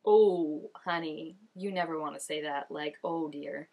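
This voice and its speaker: A woman's voice: low-pitched, unhurried, darkish tone. A young woman giving casual reaction commentary, chatty and full of "like", gasping and exclaiming as she watches. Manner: chatty, lots of "like", gasps and exclaims while watching. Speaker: reaction vlogger.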